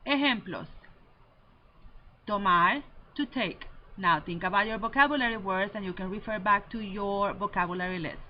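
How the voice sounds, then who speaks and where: A woman Spanish teacher giving a recorded lesson, slowly and deliberately drilling verb endings. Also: medium pitch. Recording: slightly dull lo-fi audio with faint noise.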